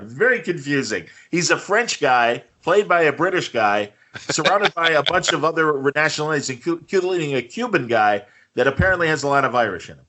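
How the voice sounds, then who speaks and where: A man's voice: a little high, pushed and bright. A man co-hosting a podcast, chatting casually and joking about a TV episode, with rambling restarts and fillers. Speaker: podcast co-host. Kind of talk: casual chat reviewing a TV episode.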